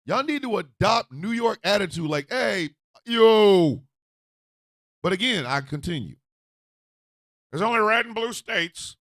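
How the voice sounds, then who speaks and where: A man hosting a radio talk show, ranting loudly and profanely, swinging from shouts to low mutters. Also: animated, normal speed, no echo, studio quality. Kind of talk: animated political rant.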